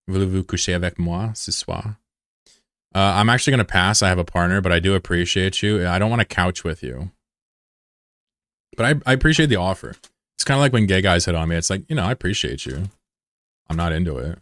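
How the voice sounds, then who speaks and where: Deep-voiced, profane young man streamer. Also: a bit bright, dry recording, studio quality. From USA. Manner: loose, profane, rambling. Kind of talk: casual chat with viewers.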